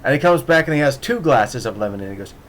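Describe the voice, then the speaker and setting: A man's voice: mid-range voice, quick pace, a little hiss or hum. Rambling man telling a story. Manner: rambling, animated, with many restarts and laughs; acts out voices in quoted dialogue. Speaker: podcast host. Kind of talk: casual storytelling monologue.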